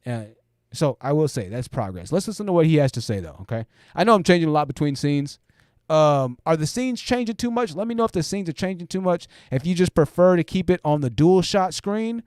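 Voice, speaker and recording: A man's voice: on the high side, a little mellow, smooth, no echo, clean studio sound. A man hosting a casual commentary stream, reacting to a video and chatting loosely with viewers, full of "like" and "you know.". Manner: rambling, filler-heavy, addresses viewers directly.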